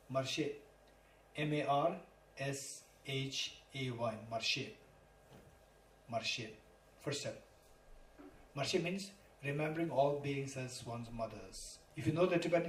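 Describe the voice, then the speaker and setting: A man giving a Buddhist teaching, emphatic and repetitive, spelling terms out letter by letter. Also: medium pitch. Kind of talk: dharma lecture. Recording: roomy, distant mic, faint noise.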